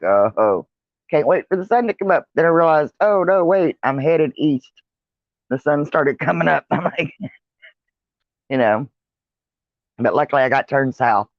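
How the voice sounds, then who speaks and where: Tired woman vlogger, slow chatty ramble, dry muffled sound. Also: low-pitched, dry recording. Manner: rambling, chatty, with many fillers and yawns. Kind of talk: casual vlog chat. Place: outdoor porch with traffic nearby.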